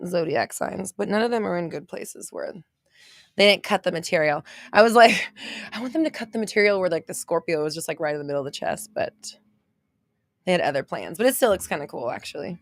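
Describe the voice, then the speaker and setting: A bubbly woman with an American valley girl accent, chatting with viewers on a casual livestream from her home studio. Her voice sits somewhat low for a woman, and the sound is dry and close, with no room behind it. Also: gravelly, no room sound. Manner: bubbly, chatty, lots of fillers and laughs. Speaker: podcast host. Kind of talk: casual livestream chat reading viewer comments.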